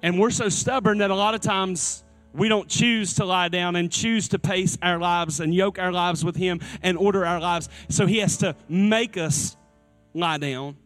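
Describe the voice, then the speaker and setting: A male pastor preaching a sermon in a church, earnest and repeating his key phrases, with soft instrumental music behind him. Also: high voice, unhurried. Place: church sanctuary.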